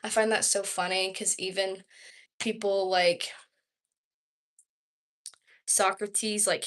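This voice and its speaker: A young woman from Georgia in the United States, rambling casually at home on a livestream, answering viewer questions with lots of "like". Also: mid-range voice. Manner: rambling and chatty, heavy use of "like". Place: her home.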